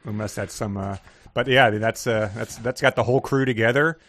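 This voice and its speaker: A man's voice: medium pitch, brisk. A man chatting as a guest, thinking aloud with many hesitations and big reactions. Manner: hesitant, lots of fillers, expressive reactions. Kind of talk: casual chat.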